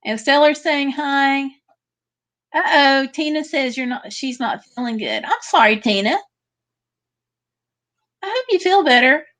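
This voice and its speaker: A woman's voice: high-pitched, unhurried, pauses often, fairly bright tone. A woman hosting a casual livestream, reading out viewer comments and chatting back to them. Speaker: livestream host.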